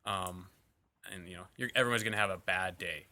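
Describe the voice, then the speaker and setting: Low-voiced guy w a really bright edge, coaching talk, rambly and full of fillers. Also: a little fast. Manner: rambling, many fillers like "like" and "you know". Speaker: fitness coach on a podcast. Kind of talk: casual chat.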